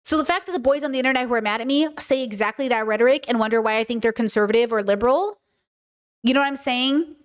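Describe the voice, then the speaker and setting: A woman's voice: a little high, fast, smooth. A woman streamer reacting to a clip in casual commentary, emphatic and repetitive, often acting out quotes. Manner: emphatic, repeats points, quotes others in put-on voices.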